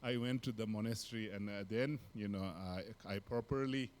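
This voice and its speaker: Tibetan-accented man telling a story haltingly. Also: on the low side, a little mellow. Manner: halting, many fillers, laughs between sentences. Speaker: Buddhist teacher.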